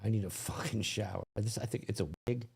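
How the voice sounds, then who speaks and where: A man's voice: fairly low pitch, steady tone, quick pace, gravelly, breathy edge. A man hosting a podcast, reacting to a video with crude, exasperated commentary. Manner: profane, exasperated, laughing. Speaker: podcast host.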